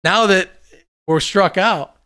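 A man with a slightly high voice tells long stories in casual chat, swearing often and getting worked up as he goes. He talks in an animated, loose way. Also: slow, clean tone. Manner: animated storyteller, swears freely.

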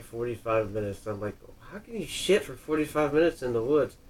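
A man in a loose, casual chat, rambling through a story with plenty of swearing and filler words. His voice sits at an ordinary middle pitch. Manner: loose and profane, many fillers. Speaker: podcast co-host.

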